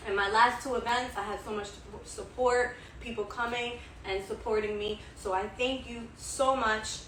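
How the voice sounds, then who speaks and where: Woman hosting her own cooking vlog, bright and excited, echoey kitchen, mic a bit far off. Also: fairly high pitch, normal speed, a little hiss or hum. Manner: chatty, enthusiastic, repeats herself. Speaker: home cook, channel host. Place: home kitchen.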